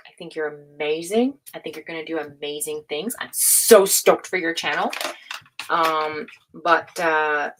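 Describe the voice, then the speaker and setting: A woman giving a casual livestream tarot reading, excitable, swearing freely and laughing often. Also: sits low, a little slow, a little hiss or hum, low-quality recording. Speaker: tarot reader.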